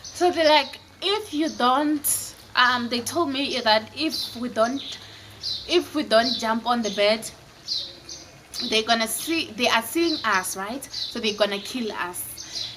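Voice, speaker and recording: A young woman spins a childhood story in an animated, dramatic way, her voice set a little high. Behind her runs a noisy background with birds chirping. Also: slow pace. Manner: animated, dramatic retelling with acted quotes. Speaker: vlogger. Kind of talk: casual storytelling to camera.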